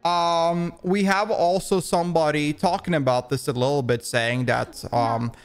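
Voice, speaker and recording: A man's voice: a little high, measured pace, smooth. A man giving opinion commentary, rambling along with frequent restarts and fillers. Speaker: commentary YouTuber.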